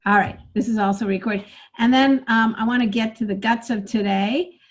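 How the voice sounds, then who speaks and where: A woman's voice: fairly high pitch, steady tone, moderate pace. A woman teaching a live online workshop as a speaking coach, upbeat and encouraging, chatting with her students by name over a video call.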